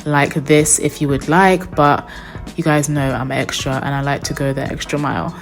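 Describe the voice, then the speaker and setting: A young woman narrating a wig install tutorial as a voice-over, chatty and upbeat, talking straight to her viewers. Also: low voice. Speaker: beauty vlogger.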